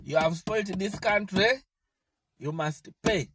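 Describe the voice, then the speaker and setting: A man's voice: high-pitched, unhurried, fairly bright tone, slightly rough. A man ranting about politics, scolding and mocking his targets in a defiant tone. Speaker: political commentator. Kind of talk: animated political rant.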